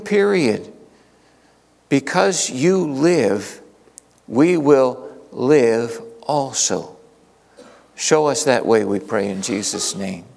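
A pastor preaching from the pulpit with dramatic flair, a man whose voice sits somewhat high. He swings from urgent, raised questions to quiet, hushed lines. His words ring out with a long reverb through a large church sanctuary. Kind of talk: sermon.

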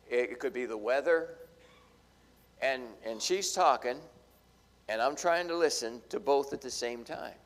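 A middle-aged man preaching a sermon in an animated way, swinging between loud emphasis and hushed asides. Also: mid-range voice. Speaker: pastor. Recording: long reverb of a large hall.

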